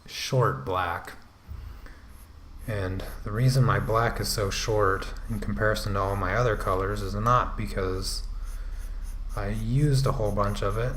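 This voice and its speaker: A man, the artist and host of his channel, giving relaxed running commentary while he draws. He rambles to himself, trips over restarts and drops self-deprecating asides, as if at his desk at home. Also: lowish voice, a little hiss or hum. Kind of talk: casual running commentary while drawing on a livestream.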